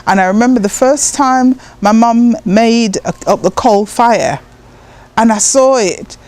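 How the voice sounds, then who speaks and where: A woman from Jamaica, a poet, telling personal stories in an interview with an animated manner, acting out voices and laughing often. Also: fairly high pitch, measured pace. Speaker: guest, poet and writer.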